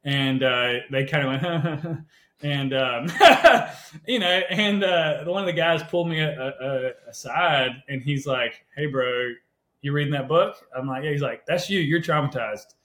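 Guy telling his story on a podcast, animated and chatty, middle pitch, room echo on him. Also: normal speed. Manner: animated, conversational, often adds "right?". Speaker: podcast guest, health coach. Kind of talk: casual storytelling interview. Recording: roomy echo.

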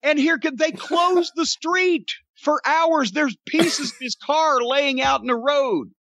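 A man hosting a podcast, telling a profane, animated story and acting out the shouting in it. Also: very high-pitched, slow, dry recording. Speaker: podcast host. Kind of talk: storytelling rant. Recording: dull lo-fi dry podcast recording.

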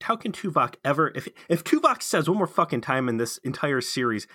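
A man's voice: medium pitch, sing-song, fast, hardly any pauses, a bit bright, no room sound, clean studio sound. A man co-hosting a casual podcast, incredulous and profane as he rants. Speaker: podcast co-host. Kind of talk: casual ranting chat.

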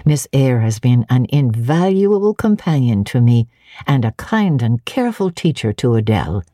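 A woman's voice: very deep voice, big pitch swings, moderate pace, dark tone, no echo, studio quality. A woman voicing a kindly, courteous older widowed housekeeper.

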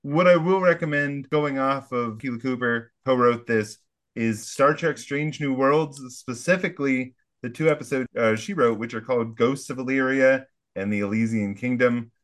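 Male podcast host, mid-pitched, enthusiastic, joking, casual. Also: normal speed.

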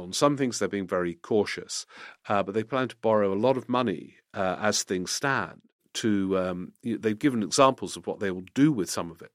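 A man's voice: lowish voice, no echo, clean studio sound. A middle-aged man giving rambling political commentary, answering viewer questions with many restarts. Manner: rambling, restarts mid-sentence, animated when reading questions. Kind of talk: casual spoken commentary.

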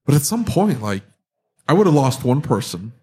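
A man's voice: medium pitch, very animated, normal speed, warm tone, breathy edge. A man co-hosting a podcast, chatting casually, telling rambling, self-mocking stories and laughing often. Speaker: podcast co-host, auto shop owner. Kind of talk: casual chat.

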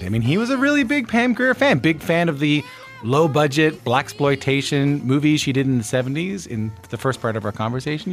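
A man hosting a radio show, setting up a story in a conversational way. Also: mid-range voice. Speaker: radio host.

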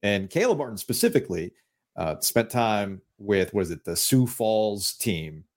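A man's voice: lowish voice, moderate pace. A man hosting a sports podcast, chatting casually and joking with mock indignation. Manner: animated, jokey, mock-indignant rants. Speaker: podcast host.

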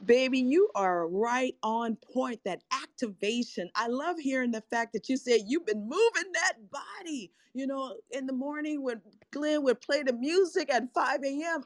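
Upbeat woman moderator, cheerleading tone, fairly high voice, dry close sound. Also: moderate pace, few pauses, dry recording. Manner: effusive, cheerleading. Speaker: room moderator. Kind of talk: upbeat hype hosting.

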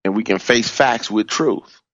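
A man teaching in a sermon style, stressing key words by swooping up in pitch and repeating phrases. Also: unhurried, a bit bright, no echo, muffled recording. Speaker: minister teaching from a book.

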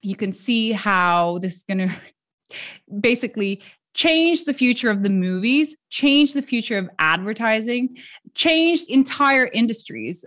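A woman's voice: on the high side, lively intonation, measured pace, a bit bright. A woman speaking as an expert guest, answering earnestly with emphasis. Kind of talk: interview answer.

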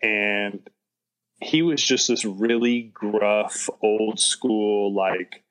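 Rambling filmmaker man, fairly low voice. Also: fairly even intonation, very slow, a bit bright, low-quality recording. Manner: rambling, heavy on "you know". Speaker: filmmaker guest. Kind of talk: casual interview chat.

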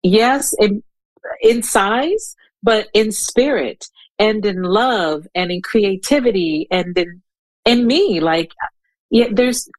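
Slow, halting woman in her fifties. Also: medium pitch, no room sound, low-quality recording. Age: 50s. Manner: slow, halting, searching for words. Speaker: guest poet. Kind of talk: interview conversation with poetry reading.

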